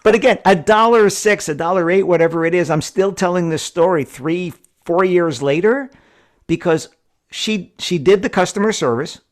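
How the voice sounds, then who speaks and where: A man's voice: high-pitched, moderate pace. A man hosting a podcast, telling stories in a chatty way and often checking in with "right?". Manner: chatty storyteller who keeps checking in with "right?". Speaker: podcast host. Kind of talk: conversational podcast storytelling.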